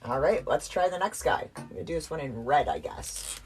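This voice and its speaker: A woman's voice: low voice, sing-song, brisk, a little mellow, a little hiss or hum. A woman giving a casual, playful math lesson at a whiteboard, chatty and joking at herself as she works. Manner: playful, chatty, self-mocking asides. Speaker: math teacher.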